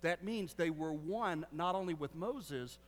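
A man's voice: a little high, measured pace. A man preaching a sermon as a Baptist pastor, teaching with joking asides to the congregation. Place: church sanctuary. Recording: long hall reverb.

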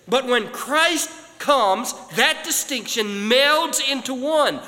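A male preacher delivering a sermon. He slows down and drops low on key phrases. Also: expressive, bright, forceful tone. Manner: dramatic, slowing down and dropping low on key phrases. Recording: hall reverb.

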